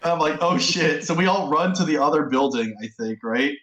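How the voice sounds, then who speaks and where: A man in casual gaming chat, telling a story with lively acted-out quotes. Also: on the high side, fairly quick. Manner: animated storyteller, acts out quotes. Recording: echoey room.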